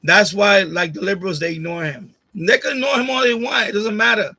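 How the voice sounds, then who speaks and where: Brisk and high-pitched with vocal fry, this man sounds bright and forceful as he hosts a live stream and repeatedly, combatively rants at a viewer. He uses a USB condenser mic on a boom arm at home, and the recording is rough.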